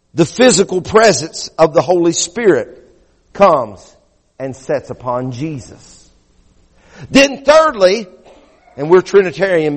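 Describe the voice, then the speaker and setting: A middle-aged man, a pastor, preaching a sermon with slow, emphatic stresses and repeated phrases. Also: fairly high pitch. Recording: long hall reverb.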